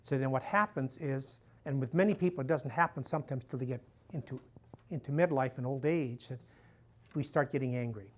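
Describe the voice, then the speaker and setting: A fairly quick, mid-range male voice belongs to an older priest speaking live to an audience. His style is folksy, with chuckles at his own jokes and frequent fillers such as "you know" and "and so on."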